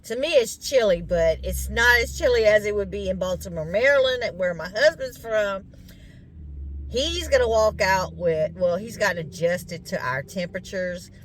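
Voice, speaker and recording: This Southern-accented woman, middle-aged and from Louisiana, US, vlogs casually and calls her viewers "y'all." Her mid-range voice has lively intonation at normal speed, sounds a bit congested from sinus drainage, and there's a little hiss or hum.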